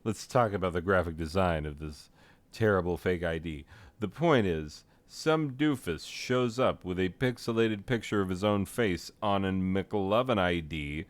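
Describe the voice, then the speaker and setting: Brief: low-voiced male game reviewer, smooth tone, rambling and self-deprecating. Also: expressive, measured pace, dry recording. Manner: tangential, self-deprecating, loses the thread. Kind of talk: casual rambling commentary.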